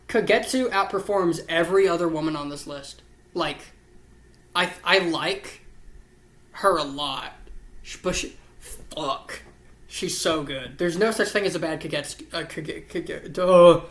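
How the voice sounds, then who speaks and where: A little slow and a bit bright, the mid-range voice belongs to a weary, yawning YouTube host rambling to camera in a casual ranking chat. He gushes and swears a lot, and the recording has a roomy sound.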